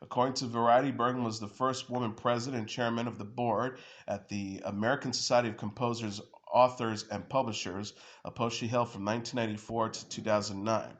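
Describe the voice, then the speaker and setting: A man's voice: mid-range voice, level tone, fairly quick, hardly any pauses. A man hosting an entertainment news show, reading stories and quoted tributes aloud with frequent "uh" fillers and small restarts.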